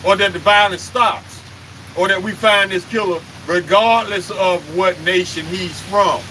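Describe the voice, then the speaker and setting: A man's voice: sits high, steady tone, measured pace, pushed and bright, slight background noise, poor audio. A man preaching on a live stream, emphatic and confrontational, firing off rhetorical questions and cursing.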